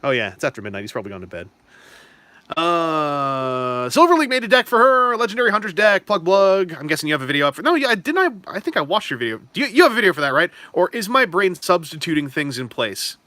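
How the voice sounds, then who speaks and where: A chatty young man hosts a live stream, answering questions in a loose, rambling way. His voice is bright and sits a little high. The sound is close and dry. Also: sing-song, fast talker, dry recording. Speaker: stream host. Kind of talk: casual live-stream chat about toys and trading cards.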